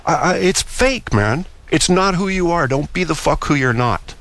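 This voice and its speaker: A man's voice: on the high side, lively intonation, moderate pace, hardly any pauses, a bit bright. A man hosting a solo talk show, speaking in an opinionated, rambling way with frequent stammered restarts. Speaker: podcast host.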